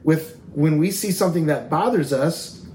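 A man co-hosts a faith talk show with a slightly high, warm voice at a moderate pace. He talks casually but in an earnest, emphatic preaching style that builds in intensity. The room is echoey with faint background noise.

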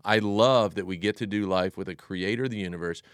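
Deep-voiced pastor man, animated. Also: fairly quick, no room sound, clean studio sound. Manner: animated storyteller, acts out voices. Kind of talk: casual Bible discussion.

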